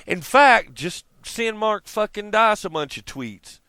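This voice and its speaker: A man's voice: high-pitched, lively intonation, slow, sharp tone, clean tone, dry recording. Rambling, profane man ranting to camera. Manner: profane, rambling, laughing often. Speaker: vlogger. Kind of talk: casual rant to camera.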